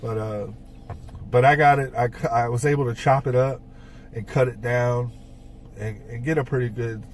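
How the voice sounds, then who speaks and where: Male podcast co-host, mid-pitched and conversational, a rambling storyteller full of fillers who sits off-mic. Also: steady tone, normal speed, far from the mic, slight background noise. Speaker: podcast co-host and band songwriter. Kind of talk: casual chat.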